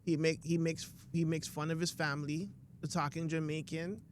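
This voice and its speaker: A man's voice: a little high, level tone, moderate pace, a little hiss or hum. A man, co-hosting a podcast in casual, emphatic, argumentative chat. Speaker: podcast co-host.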